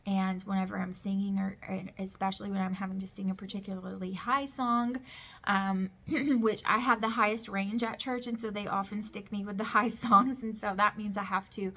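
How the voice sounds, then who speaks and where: A woman in her thirties talks straight to her viewers in a relaxed home vlog. Her talk is chatty and candid, with plenty of fillers and restarts, and her pitch sits in an ordinary middle range. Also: normal speed. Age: 30s. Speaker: vlogger. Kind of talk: casual pregnancy update vlog. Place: home with kids heard in the background.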